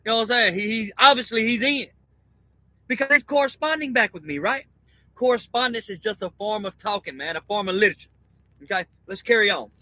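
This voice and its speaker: Man, high register, crisp dry sound; rambling profane monologue, conspiratorial teacher, keeps saying okay. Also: lively intonation, brisk, bright, forceful tone, no room sound, low-quality recording. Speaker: self-styled teacher. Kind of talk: rambling spoken monologue reading a document aloud.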